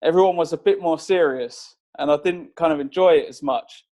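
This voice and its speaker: A man's voice: a little high, brisk, a little mellow. A young man from England, a golfer guest on a podcast, telling stories in a laid-back way and chuckling often. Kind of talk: casual podcast chat.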